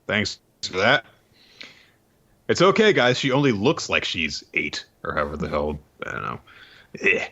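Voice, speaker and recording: Deep man with a bright, lively voice, lo-fi. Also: moderate pace, vocal fry, long pauses. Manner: loose, summarizing with many ums and asides. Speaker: podcast co-host. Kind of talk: casual chat, summarizing the story. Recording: dull lo-fi mic.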